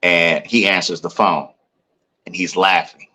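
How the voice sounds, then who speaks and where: A man's voice: low voice, fairly even intonation, measured pace, bright, forceful tone, a little hiss or hum. Laid-back, joking man giving advice. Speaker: podcast co-host. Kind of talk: casual chat.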